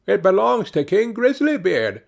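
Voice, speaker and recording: A man's voice: high-pitched, wildly swooping pitch, unhurried, creaky, voice pushed up, exaggerated voice. A man voicing a blunt, plain-spoken travelling fiddler in an audiobook fairy tale.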